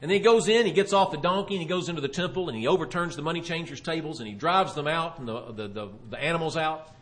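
A man preaching a sermon, retelling a Bible story with animated storytelling and voicing the questioners. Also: fairly high pitch, quick pace.

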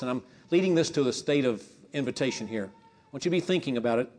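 A man preaching a sermon with impassioned delivery, rising to emphatic peaks and dropping low, leading a spoken prayer. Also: fast, darkish tone. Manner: leads a spoken prayer to God.

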